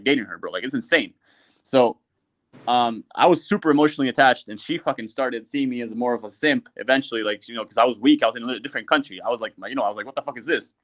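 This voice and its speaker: Fast-talking blunt young man. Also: medium pitch, fairly bright tone. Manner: blunt, profane, lots of filler words. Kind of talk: casual online group chat.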